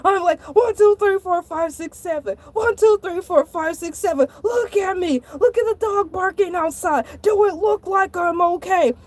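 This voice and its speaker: A woman voicing an excitable male shark who tells a comic story in a dramatic, exasperated way and sometimes bursts into shouting. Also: extremely high pitch, normal speed, few pauses. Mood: panicked. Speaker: show host.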